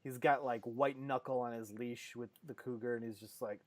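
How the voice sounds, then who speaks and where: A woman's voice: extremely low pitch, fairly even intonation, normal speed. A woman narrating as game master of a tabletop game, chatty and full of filler words.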